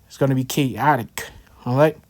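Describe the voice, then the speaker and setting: A man's voice: medium pitch, moderate pace, darkish tone. A man giving casual scripture commentary, telling a personal story in a loose, slangy way with many fillers and asides. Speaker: religious teacher.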